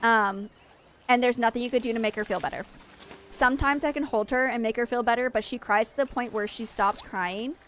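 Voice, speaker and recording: Playing a game on her stream, a young adult woman chats in a brisk, somewhat bright voice on the high side. Her talk rambles, leans heavily on "like," and restarts often. A little hiss or hum can be heard.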